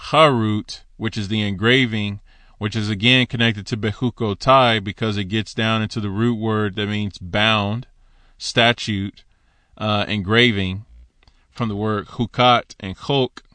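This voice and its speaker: A man's voice: lowish voice, takes it slowly, clear, resonant tone, no echo. Man giving a dry, conversational Torah teaching. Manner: conversational, with animated quoted asides.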